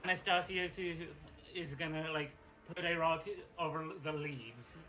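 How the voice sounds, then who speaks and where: A man playing a tabletop role-playing game, describing his character's actions haltingly with many fillers and restarts. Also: a little high, pushed and bright, a little hiss or hum, poor audio. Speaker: player. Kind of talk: tabletop role-play chat.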